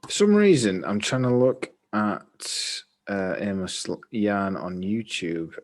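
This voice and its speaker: A man's voice: lowish voice, expressive, slow pace. A man co-hosting a podcast in rambling, chatty, self-deprecating casual talk. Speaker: podcast co-host. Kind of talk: casual chat.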